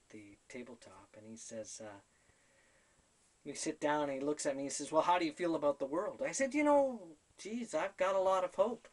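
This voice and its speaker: Man at middle pitch, animated storyteller who acts out his own dialogue, self-mocking laugh. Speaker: spiritual storyteller. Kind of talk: personal story told to camera.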